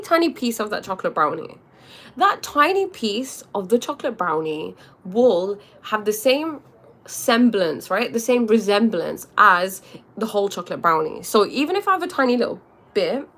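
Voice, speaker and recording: A woman hosting a casual spiritual livestream, chatting and often checking in with her audience, animated and quick to laugh. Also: mid-range voice.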